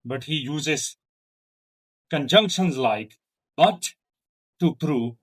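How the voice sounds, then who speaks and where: Slow, lively teacher. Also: male voice. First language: Urdu. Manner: slow, deliberate teaching delivery with pitch demonstrations. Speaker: English teacher. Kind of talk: online language lesson.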